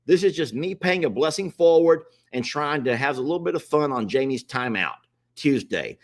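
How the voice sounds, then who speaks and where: A man's voice: fairly high pitch, animated, moderate pace. A man casually hosting a livestream, chatting and pleading with viewers to join. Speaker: livestream host.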